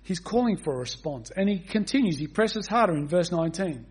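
A man delivers an expository sermon with earnest conviction. His voice sits high and carries a husky edge. He reads scripture at length and keeps turning to the congregation with rhetorical questions. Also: expressive, a little fast, few pauses, darkish tone. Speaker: preacher.

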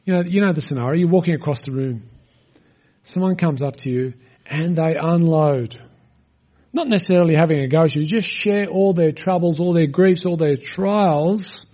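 A middle-aged man delivers a sermon in a high-pitched voice. He speaks earnestly and conversationally, leaning on rhetorical questions to draw his congregation in. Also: mellow. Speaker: pastor.

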